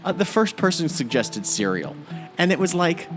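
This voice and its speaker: A man's voice: on the high side, big pitch swings, moderate pace, over music. A man co-hosting a podcast, joking around in casual, playful banter. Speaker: podcast co-host.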